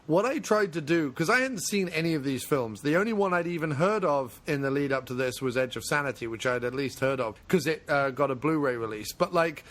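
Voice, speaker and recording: Man, podcast host, slightly high voice, casual, animated, swears a lot. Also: fairly quick, few pauses. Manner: animated, laughing, swearing freely. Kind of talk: casual chat.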